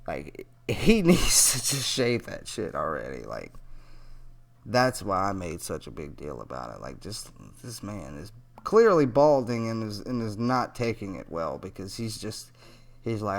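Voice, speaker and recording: A man's voice: lowish voice, sing-song, unhurried, gravelly. Rambling, swearing young-sounding man. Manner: rambling, profane, incredulous. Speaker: vlogger reacting to a TV clip. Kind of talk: casual reaction commentary.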